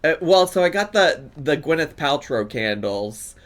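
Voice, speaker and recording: A man's voice: a little high, lively intonation, unhurried, fairly bright tone, a little hiss or hum. A man in his thirties giving casual, playful reaction commentary, laughing often. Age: 30s. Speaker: YouTube reaction host.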